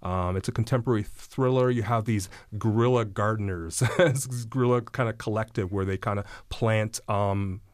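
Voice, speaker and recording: Low-voiced man discussing books. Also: steady tone, normal speed, few pauses, no echo. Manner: enthusiastic, explanatory, with fillers. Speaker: books columnist. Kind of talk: radio book discussion.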